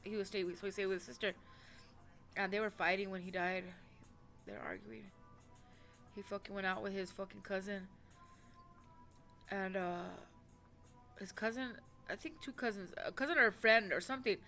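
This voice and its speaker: A woman telling a personal story in casual, rambling talk, swearing often and restarting her sentences, with soft music behind her. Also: mid-range voice, lively intonation, normal speed, long pauses. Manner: rambling, profane, with many fillers and restarts.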